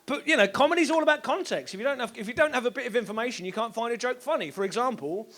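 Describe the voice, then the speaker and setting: A man performing a sweary, animated stand-up comedy set on a club stage, now and then bursting into shouts. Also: very high voice, rapid-fire, hardly any pauses. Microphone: stage microphone.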